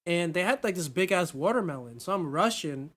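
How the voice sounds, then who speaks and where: A woman co-hosting a podcast, telling a profane, animated story in casual chat. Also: lowish voice, fairly quick. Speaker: podcast co-host.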